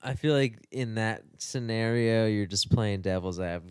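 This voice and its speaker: A man's voice: lowish voice, measured pace, a little mellow, clean tone, no room sound, clean studio sound. A man co-hosting a podcast in laid-back casual chat, with short interjections and filler words. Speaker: podcast co-host. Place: studio.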